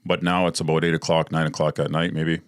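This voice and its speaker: A man with a very low voice recounts his past openly, swearing freely and circling back with ums and uhs. The sound is dry and close, with no room echo. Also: little pitch movement, quick pace. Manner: candid, profane, rambling with fillers. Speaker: podcast host. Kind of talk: storytelling monologue.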